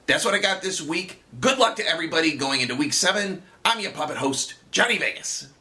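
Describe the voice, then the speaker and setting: A wisecracking puppet bookie, as a man puts him on, runs through his weekly fantasy football picks with a bright, edgy tone. His pitch bounces around lively as he teases the audience like kids. He sounds sure of himself and a little smug. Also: fairly quick. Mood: wry, confident. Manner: wry and teasing, talks down to viewers as kids. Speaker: puppet host of a fantasy football tips show.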